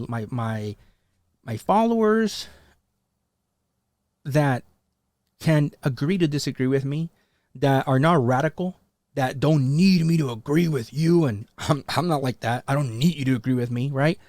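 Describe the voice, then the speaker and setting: A man's voice: expressive, normal speed, darkish tone, dry recording. A man hosting a casual commentary vlog, rambling with many fillers and restarts, and talking straight at his followers with a challenging edge. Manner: rambling and loose, full of fillers and restarts, pitch rising on emphatic points; talks directly to his followers, challenging them. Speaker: commentary channel host.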